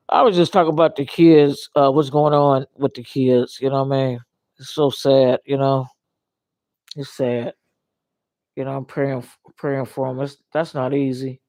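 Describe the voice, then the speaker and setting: Hosting a laid-back livestream, an older man rambles earnestly, loops back over his points, and keeps saying "you know what I mean." He has a medium-pitched, level, slightly mellow voice at a moderate pace, recorded without echo.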